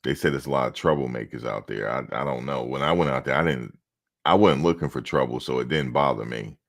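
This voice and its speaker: Super low voiced guy w lots of vocal fry just riffing to his stream chat. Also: brisk, a bit bright. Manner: rambling, loose storytelling, talks to chat viewers. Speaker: reaction streamer. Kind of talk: casual livestream chat.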